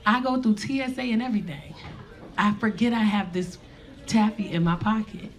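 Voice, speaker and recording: A woman's voice: medium pitch, moderate pace. A woman comedian telling a brash, profane story on stage, acting out every part. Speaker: stand-up comedian. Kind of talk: stand-up storytelling. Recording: live club with audience laughter. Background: audience laughing.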